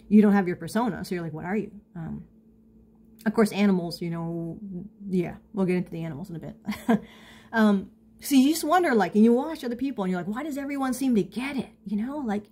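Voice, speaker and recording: Middle-aged woman, vlogger, confessional monologue, halting, many restarts, candid, self-mocking. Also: medium pitch, warm tone. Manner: halting, full of restarts and "you know".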